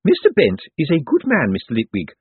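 A man voicing a tearful, fretful woman office clerk who speaks in an anxious, hurried way, heard over a tinny phone-like line. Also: fairly high pitch, wildly swooping pitch, slightly rough, dry recording, voice pushed up, full character voice.

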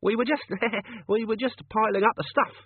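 A man's voice: sits high, sing-song, moderate pace, slightly rough, no room sound, pitched above the performer's own voice, full character voice. A man voicing a dim-witted, giggling thug who stammers eagerly, on a tinny, phone-like recording. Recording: tinny phone-like dry audio.

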